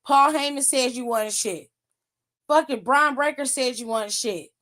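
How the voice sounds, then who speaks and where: A young woman with a fairly high voice and an unhurried delivery runs a wrestling aftershow, ranting bluntly and profanely about the night's segments. Her tone is exasperated, and her voice jumps up in pitch when she mocks someone. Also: fairly bright tone. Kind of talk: casual wrestling recap rant.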